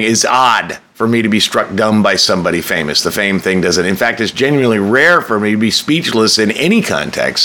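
A man's voice: lowish voice, sharp tone. A man telling a candid, self-mocking personal story, swearing freely and breaking into sudden emphatic bursts.

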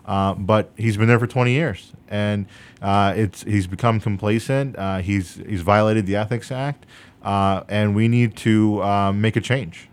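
A man's voice: on the low side, fairly even intonation, clean tone. A young man running for state senate, answering interview questions earnestly with many fillers. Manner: earnest, measured with frequent fillers.

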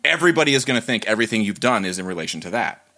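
A man hosting a podcast in casual conversation, animated and self-deprecating, with lots of fillers, talking over a remote call. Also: lowish voice, rapid-fire. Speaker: podcast host.

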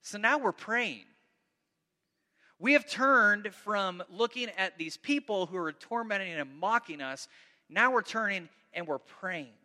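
A male pastor delivering a sermon with a high, piercing voice that rings in a long hall reverb. He reads scripture in a heightened, dramatic way, then drops into loose, conversational asides that stop and restart mid-sentence. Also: a little slow. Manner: animated preaching, reads scripture aloud dramatically; conversational, self-interrupting.

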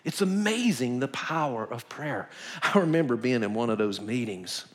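A male pastor, preaching a sermon full of lively stories and acted-out quotes. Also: mid-range voice, moderate pace. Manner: animated, emphatic, acts out quotes in a whisper or shout. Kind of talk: storytelling sermon.

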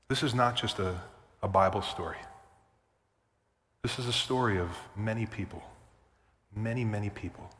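A man's voice: low-pitched, a bit bright, a little hiss or hum. A male pastor preaching a sermon, emphatic and repetitive, with casual asides to the congregation. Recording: long church reverb.

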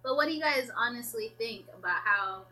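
A young woman from the United States co-hosting a casual chat, excitable and teasing, often laughing. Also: fairly high pitch, brisk, slight background noise. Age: young adult.

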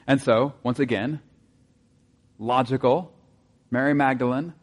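A man preaching a sermon in a conversational way, asking his listeners rhetorical questions and dropping into soft asides. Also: mid-range voice, fairly even intonation, measured pace. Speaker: pastor.

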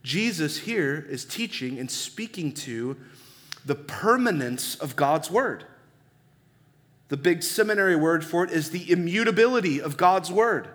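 A man's voice: on the high side, lively intonation, unhurried, fairly bright tone. A male pastor preaching a sermon in a conversational way, asking his listeners many rhetorical questions. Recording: long reverb of a large hall.

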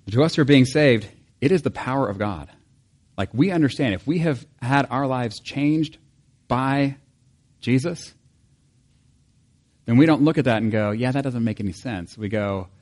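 A man's voice: mid-range voice, animated, moderate pace, pauses often, darkish tone. A male pastor giving a conversational sermon, acting out quoted voices and chuckling often.

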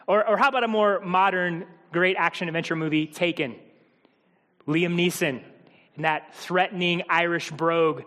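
A man's voice: high voice, moderate pace, fairly bright tone. A man preaching a sermon in a humorous, conversational way, speaking directly to the congregation in a church. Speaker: pastor. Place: church hall. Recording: long hall reverb.

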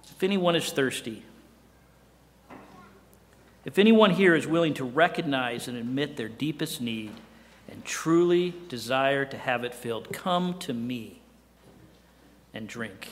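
A middle-aged man preaching a sermon in a conversational way, often dropping to a hushed voice for emphasis and asking the listeners rhetorical questions. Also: mid-range voice, lively intonation, measured pace, long pauses, in a large hall. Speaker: pastor.

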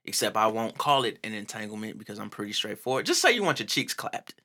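A man co-hosting a casual chat, animated and profane, laughing often and acting out quotes. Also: lowish voice, quick pace.

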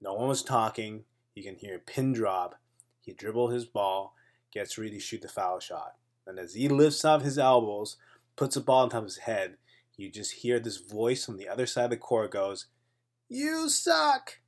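A man tells a story from his childhood on his weekly comedy podcast, talking in a medium pitch. He builds suspense as he goes and mixes in jokes at his own expense. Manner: animated, builds suspense, self-deprecating jokes. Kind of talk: casual storytelling monologue.

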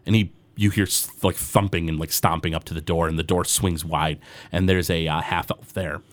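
A man narrating as game master of a tabletop game, halting and full of fillers. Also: deep voice, steady tone, dry recording.

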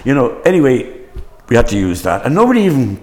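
A man's voice: mid-range voice, sing-song, fast, a little mellow. An older man, a stage actor, reminiscing in an interview with rambling, stop-start storytelling.

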